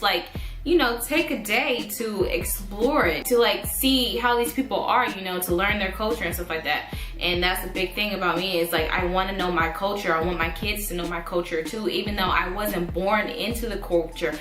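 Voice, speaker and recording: A woman's voice: mid-range voice, reverberant. A woman in her twenties vlogging casually to camera, rambling and thinking aloud with lots of fillers. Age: 20s.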